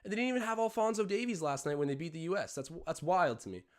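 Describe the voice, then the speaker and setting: A man's voice: sits high, animated, fast talker. A young Canadian man hosting a live watch-along stream, mixing casual play-by-play with rambling chatty tangents.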